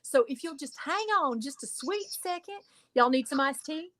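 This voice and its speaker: A woman's voice: high-pitched, lively intonation, moderate pace, sharp tone, pitched above the performer's own voice. A woman voicing a sugary Southern belle phone receptionist with a syrupy drawl and a Southern US accent. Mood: sweet.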